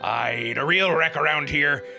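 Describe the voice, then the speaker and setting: A man voicing a gruff, rustic old retired whaler with a drawling sailor's way of talking. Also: fairly high pitch, measured pace, music in the background. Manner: rustic drawl, dropping grammar.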